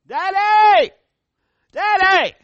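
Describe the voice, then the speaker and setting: A man voicing a four-year-old girl who yells from her bed because she won't sleep. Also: extremely high pitch, expressive, drawn-out words, no room sound, lo-fi sound, voice pushed up, heavily acted. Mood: whiny. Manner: yelling from a distance.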